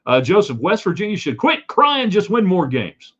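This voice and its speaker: A man's voice: high-pitched, big pitch swings, moderate pace, a bit bright, breathy edge, muffled recording. A man hosting a live sports talk stream, opinionated and rambling with side remarks. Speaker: sports talk show host.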